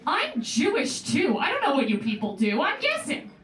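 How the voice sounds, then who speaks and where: A young woman performing a stand-up comedy set in a club, with a deadpan delivery and playful asides. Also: high-pitched, moderate pace. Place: comedy club stage with live audience. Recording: roomy club sound heard from a distance. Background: audience laughing.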